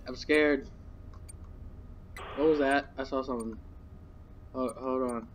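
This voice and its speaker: A man's voice: medium pitch, fairly even intonation, slow, a little hiss or hum. A young man commentating a horror game, jittery and nervous, swearing and muttering to himself. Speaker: gamer.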